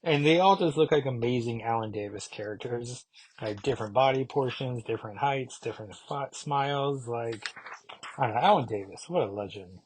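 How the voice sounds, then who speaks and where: A man's voice: medium pitch, moderate pace, a little mellow, a little hiss or hum. A man casually recapping a comic book issue, rambling along with many asides. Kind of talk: casual comic review vlog.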